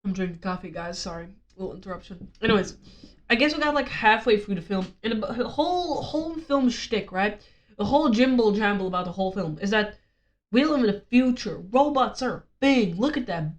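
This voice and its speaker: A woman's voice: mid-range voice, lively intonation, brisk. A woman vlogger ranting casually, rambling and sarcastic, swearing often.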